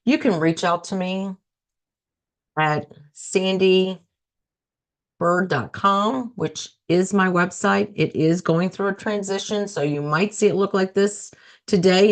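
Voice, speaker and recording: A middle-aged woman with a slightly low voice hosts her own coaching podcast. She talks in a loose, chatty way and circles back to repeat key phrases for emphasis. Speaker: podcast host and life coach. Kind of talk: casual solo podcast talk.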